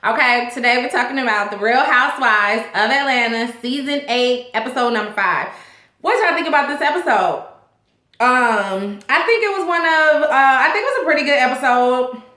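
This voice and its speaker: A woman hosting a casual TV episode recap, talking in a profane, animated way and laughing often. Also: high voice, normal speed. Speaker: host of a TV recap show. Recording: echoey room.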